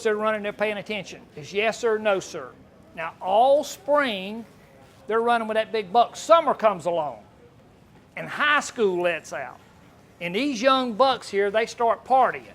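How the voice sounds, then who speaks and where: Man, high voice, folksy seminar speaker who quizzes the audience. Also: fairly bright tone. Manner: folksy, asks the audience questions, jokes. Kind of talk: folksy live seminar talk.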